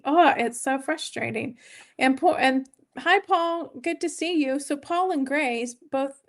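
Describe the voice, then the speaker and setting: A woman's voice: high voice, unhurried. A woman hosting a weight-loss live stream from home, chatting casually and rambling as she greets and thanks viewers.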